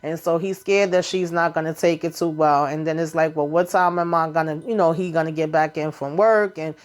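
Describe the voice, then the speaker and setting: A woman's voice: low voice, fairly even intonation, fairly quick. A woman giving a casual, sassy recap of a reality TV episode, full of chatty asides.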